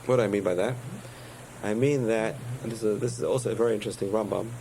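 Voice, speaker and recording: A man's voice: lowish voice, fairly even intonation, fast, creaky, dark tone, slight background noise, low-quality recording. A man giving a spoken Torah lesson, telling parables with digressions and self-corrections. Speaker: rabbi teaching a class.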